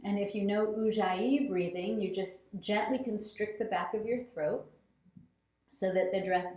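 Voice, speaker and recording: A woman teaching a yoga class, giving calm, soothing instructions and counting breaths slowly. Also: mid-range voice, reverberant.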